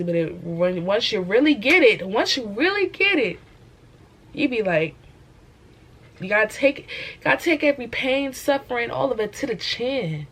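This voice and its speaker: A woman's voice: a little high, fairly bright tone, breathy edge, rough recording. A young woman host, talking about her faith in an emphatic, preachy way and repeating her phrases. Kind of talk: casual faith talk.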